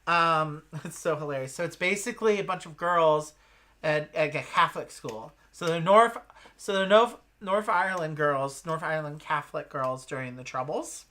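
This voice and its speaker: A man's voice: fairly high pitch, normal speed, bright, forceful tone. A man with a slight lisp co-hosting a casual chat, talking in a chatty, rambling, enthusiastic way. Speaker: co-host.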